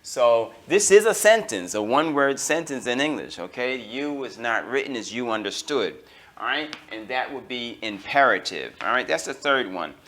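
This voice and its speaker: An American man teaching an English grammar lesson, slowing down on key terms and filling pauses with okay and all right. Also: medium pitch, expressive, fairly bright tone. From United States. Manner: slows down to stress key terms.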